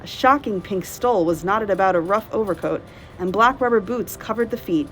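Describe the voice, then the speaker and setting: A woman librarian reading a novel aloud in steady, clear narration. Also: medium pitch, a little fast, a little hiss or hum, rough recording.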